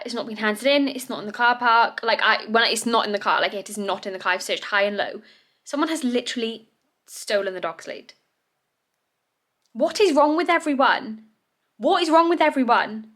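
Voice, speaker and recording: A woman's voice: fairly high pitch, fairly bright tone. A young woman from England chatting casually in her vlog, rambling and talking to her dogs now and then. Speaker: vlogger.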